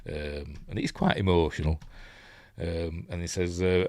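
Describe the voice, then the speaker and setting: A man's voice: sits low, moderate pace, no echo, clean studio sound. A man with a Yorkshire accent hosting a casual film commentary, rambling with many ums and restarts. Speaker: host.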